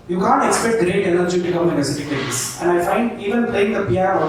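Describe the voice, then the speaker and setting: Teacherly man in an echoey hall. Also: sits high. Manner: teacherly, with frequent "okay?" and "right?" check-ins; leads the audience through movement drills. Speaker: pianist giving a talk. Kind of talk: public talk and panel answer. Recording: very echoey hall, distant mic.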